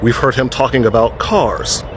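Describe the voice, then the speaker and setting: A man's voice: medium pitch, moderate pace, noisy background. A man giving sarcastic, mocking commentary to camera. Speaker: social media creator.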